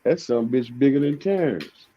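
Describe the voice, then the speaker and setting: A man's voice: mid-range voice, normal speed. Blunt, profane male co-host, dull lo-fi audio. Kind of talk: casual boxing talk. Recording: dull lo-fi sound.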